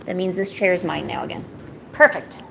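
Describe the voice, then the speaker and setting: A sick woman streaming her drawing, chatting softly to her pets and cooing at them. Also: on the low side, fairly quick, vocal fry, slight background noise, rough recording. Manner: soft, cooing pet talk. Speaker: art streamer. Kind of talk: casual chat to her pets while drawing. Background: faint music.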